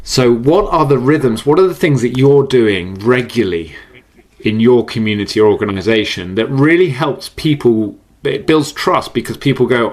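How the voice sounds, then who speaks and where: A man, a podcast guest talking in a chatty, animated way and laughing often. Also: mid-range voice, normal speed. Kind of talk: casual conversational interview.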